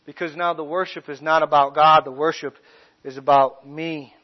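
High-voiced pastor preaching emphatically. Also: male voice, steady tone, lo-fi sound. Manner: emphatic preaching with slow stressed phrases. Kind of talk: sermon.

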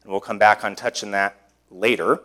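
A pastor preaching a sermon in a conversational way, often putting rhetorical questions to the congregation. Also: male voice, on the low side, steady tone, moderate pace, pushed and bright.

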